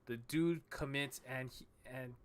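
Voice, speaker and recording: A man hosting a casual podcast chat on a headset mic, halting and repeating words as he talks. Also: mid-range voice, clear, resonant tone. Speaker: podcast host.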